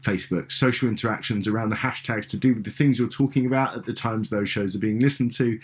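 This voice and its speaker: British-raised podcast host, lower male voice, meandering questions. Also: fast talker, husky. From Britain. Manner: rambling, hesitant questions with fillers. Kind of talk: conversational interview.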